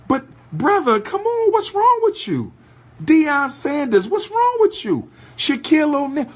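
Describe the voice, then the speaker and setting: A man's voice: high voice, slightly rough. A man giving an impassioned, preacher-like rant to an audience, full of repeated rhetorical questions. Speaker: speaker addressing an audience. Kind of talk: impassioned ranting speech.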